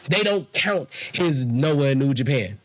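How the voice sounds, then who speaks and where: A man's voice: mid-range voice, animated, unhurried. A man, co-hosting a podcast and arguing his point hard, swearing and talking over the others. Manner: emphatic, argumentative, swears, talks over others. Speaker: podcast co-host. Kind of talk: heated casual debate.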